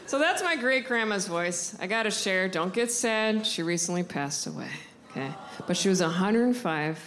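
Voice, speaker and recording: A young American woman doing self-mocking stand-up comedy on a live stage, chatty and quick to switch into voices. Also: mid-range voice, lively intonation, very noisy. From United States. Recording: live club mic with loud crowd.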